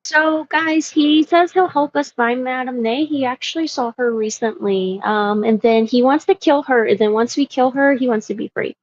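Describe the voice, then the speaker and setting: A woman's voice: sits high, moderate pace, hardly any pauses, no echo. A woman playing in a tabletop game, recapping plainly and matter-of-factly. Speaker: player. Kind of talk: casual tabletop play. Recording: dry, dull lo-fi mic.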